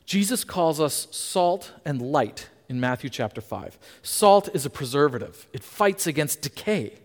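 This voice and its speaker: Male preacher with a bright, swooping delivery and a conversational sermon style, heard in a church hall with a lingering echo. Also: on the high side, a little slow. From Canada. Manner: lively, emphatic, asks the congregation questions.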